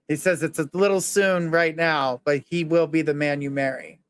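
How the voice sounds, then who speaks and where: Male psychic medium, slightly high voice, smooth and clear, live reading. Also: steady tone, normal speed. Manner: earnest, reassuring, relays messages in the first person.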